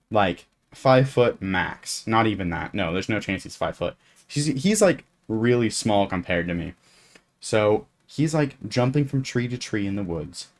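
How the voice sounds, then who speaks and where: A teenage guy telling a story from camp, his voice sitting a little low. He rambles, stacking fillers and false starts as he goes. It sounds like a casual gaming storytime. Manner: rambling, full of fillers and restarts. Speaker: gaming YouTuber. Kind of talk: storytime narration over gameplay.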